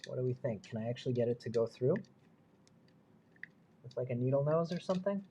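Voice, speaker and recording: A man's voice: mid-range voice, lively intonation, a little fast, mellow, slight background noise. A man hosting a livestream, thinking aloud as he works and making self-deprecating asides in a chatty way. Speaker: livestream host. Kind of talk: live build stream, thinking aloud.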